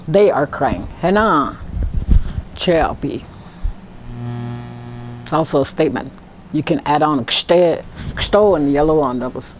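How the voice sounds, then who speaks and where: A woman language teacher giving a classroom lesson, speaking slowly and deliberately and repeating words syllable by syllable. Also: sits low, lively intonation, a little hiss or hum.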